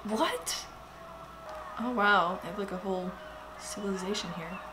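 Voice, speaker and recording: A woman giving casual movie reaction commentary, excitable and swearing as she talks back to the screen. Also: medium pitch, fairly quick, over music.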